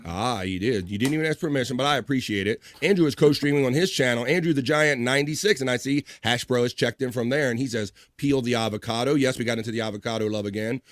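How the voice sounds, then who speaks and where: Man, live stream host, mid-pitched voice, dry close mic, upbeat profane shout-outs. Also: fast talker, few pauses, no room sound. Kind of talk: casual live stream chat, reading viewer messages aloud.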